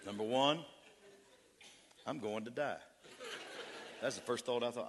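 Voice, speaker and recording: A man, a pastor, telling a story in a sermon with an animated, humorous delivery. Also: mid-range voice, a little slow, background noise.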